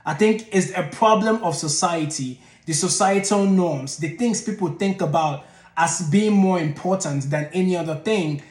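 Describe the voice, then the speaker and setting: Guy with a high voice ranting his take on a vlog, keeps restarting his sentences, kinda echoey room. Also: normal speed, a little mellow. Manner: emphatic, reframes and restarts mid-thought. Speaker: channel host. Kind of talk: opinion commentary vlog. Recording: roomy echoey room sound.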